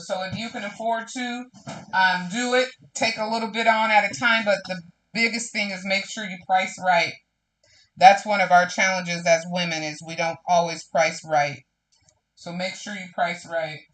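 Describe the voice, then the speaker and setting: A woman's voice: medium pitch, fairly even intonation, normal speed, fairly bright tone. A woman hosting a live crafting stream, chatting casually and slipping into preachy, faith-filled testimony to viewers. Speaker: crafting livestream host.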